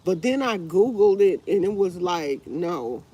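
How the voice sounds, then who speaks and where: A woman's voice: lowish voice, expressive, a little slow, mellow, slightly rough, lo-fi sound. A woman hosting a casual livestream, congested with a stuffy nose, rambling in a tired, fed-up way. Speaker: livestream host. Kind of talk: casual live chat with viewers.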